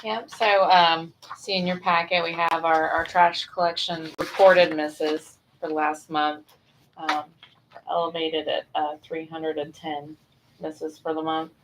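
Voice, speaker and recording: A woman's voice: deep voice, little pitch movement, a little slow, slight background noise, rough recording. A woman on city staff giving a matter-of-fact report at a committee meeting. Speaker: city public works staff. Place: council meeting room.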